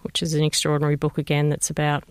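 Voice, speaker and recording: A woman with an Australian accent, a mother gently recalling a painful family story in an interview and re-enacting what people said. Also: low voice, completely flat delivery, racing, smooth. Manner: reflective, gentle, re-enacts conversations. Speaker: bereaved mother telling her story. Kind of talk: personal recollection, interview.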